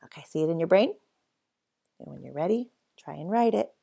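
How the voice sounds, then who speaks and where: A woman's voice: lowish voice, animated, brisk, vocal fry, dark tone, breathy edge. A woman teaching a phonics lesson to young children, spelling words out letter by letter in an encouraging way.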